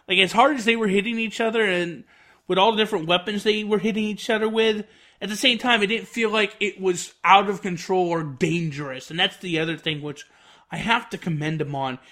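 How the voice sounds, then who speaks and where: A man's voice: high-pitched, bright, forceful tone. A man giving an enthusiastic, rambling spoken review, full of fillers. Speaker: wrestling reviewer.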